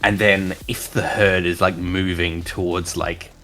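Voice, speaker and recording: A man's voice: low voice, little pitch movement, a little slow, sharp tone, soft background music. A man playing a tabletop game, talking through his plan in a rambling casual way. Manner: rambling, full of "like". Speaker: player.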